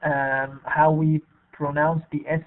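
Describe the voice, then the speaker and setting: A man teaching English in an online class, speaking haltingly with many fillers and repeated words. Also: fairly high pitch, level tone. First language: Arabic. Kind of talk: bilingual online lesson. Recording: tinny phone-like online call audio.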